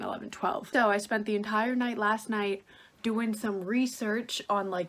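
Chatty young woman with a gravelly edge. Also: mid-range voice, a bit bright. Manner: chatty, frequent "like", self-mocking. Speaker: book vlogger. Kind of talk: casual vlog chat. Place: indoors at home.

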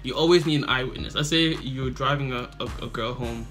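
A man's voice: medium pitch, brisk, faint music behind. A man hosting a reaction video, chatting casually and handing out advice with lots of repetition and slang. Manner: relaxed, repeats himself, loose slang. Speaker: video reactor and channel host.

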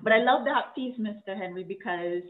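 A woman's voice: mid-range voice, moderate pace, over a noisy crowd, very noisy. A woman from the Caribbean hosting an interview, guiding the conversation with brief affirmations. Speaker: host. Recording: tinny video-call audio.

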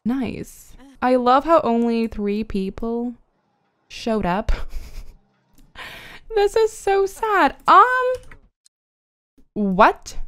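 A woman's voice: a little high, big pitch swings, drawn-out words, pauses often, fairly bright tone. A woman giving chatty, giggly commentary as she plays a life-simulation game and talks to her characters. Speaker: gaming YouTuber. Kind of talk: casual let's-play commentary.

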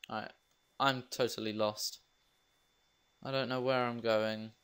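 A man's voice: medium pitch, little pitch movement, measured pace, a bit bright, clear, resonant tone. A young man giving casual commentary while playing a game, rambling and joking at his own expense. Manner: rambling, self-mocking asides. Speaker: let's play gamer.

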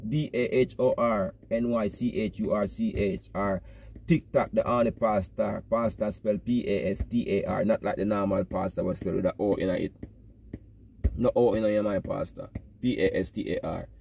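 A man's voice: lowish voice, normal speed, creaky, slight background noise. A man with a Jamaican accent giving a rambling comic rant as a self-styled pastor, peppering every line with "brother". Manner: repeats "brother" rhythmically, animated and preachy. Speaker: comic vlogger pastor persona.

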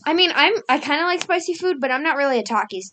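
A woman's voice: sits high, lively intonation, quick pace, sharp tone, slight background noise. A young woman co-streaming a horror game, chatting playfully and laughing at herself. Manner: giggly and playful. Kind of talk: casual gameplay chat.

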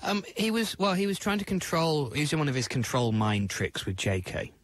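A man's voice: on the high side, a little fast, no room sound. Chatty male radio co-host. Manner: relaxed, chatty and rambling. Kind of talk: casual studio chat.

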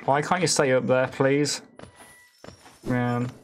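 A man commenting on his own gameplay live, excitable, swearing and laughing often, with sudden frustrated yelps. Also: medium pitch, slow, slight background noise. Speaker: streamer. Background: game music.

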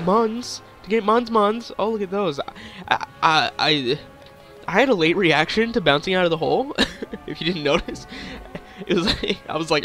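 A man's voice: sits high, a bit bright. A young man giving goofy, crude, rambling commentary while playing a game, with faint music behind. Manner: silly, crude, rambling jokes. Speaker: gaming YouTuber.

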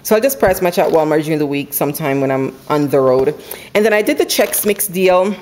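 A woman chatting casually at home about her couponing haul, running through prices quickly and laughing now and then. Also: deep voice, expressive, a little mellow, slight background noise. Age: adult with school-age kids. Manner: chatty, quick, runs numbers aloud, laughs often. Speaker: couponing vlogger. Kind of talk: casual haul video chat. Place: home, indoors.

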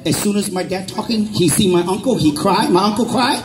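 A man with a Hmong accent telling animated, comedic stories on stage, switching between languages. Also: high voice, fast. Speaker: storyteller. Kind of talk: live comedic storytelling. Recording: live audience crowd noise.

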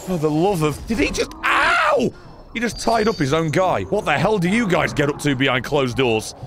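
A man giving excitable, sarcastic commentary over his own gameplay, often swearing. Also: a little high, brisk, loud music behind the voice. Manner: excitable, sarcastic, swearing, frequent yelps and laughs. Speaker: gaming channel host.

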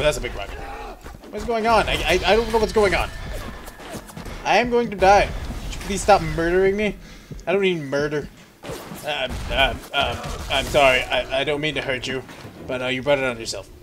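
A man's voice: a little high, background noise. A young man talking to himself while playing a game, rambling, giggling and swearing. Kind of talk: let's play commentary.

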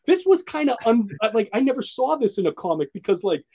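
A man's voice: extremely high pitch, big pitch swings, quick pace, warm tone, muffled recording. A man co-hosting a podcast, enthusiastically walking through a comic book in rambling, casual chat with frequent laughs. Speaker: podcast co-host presenting a comic.

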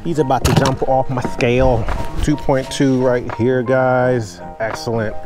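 A man's voice: medium pitch, a little slow, over music. Chatty man fishing from a kayak in rain. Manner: chatty, talks straight to viewers, excited whenever a fish bites. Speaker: fishing vlogger. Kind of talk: casual on-the-water commentary. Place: outdoors on a kayak on a lake in pouring rain. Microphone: camera mounted on the kayak.

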